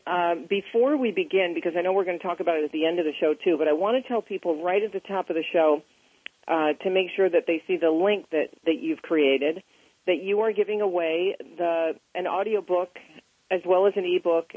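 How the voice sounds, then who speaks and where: A woman hosting a talk show, reading a scripted introduction and then chatting warmly with her guests. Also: fairly low pitch, a little fast, husky, dry recording. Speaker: radio show host. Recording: phone-line audio.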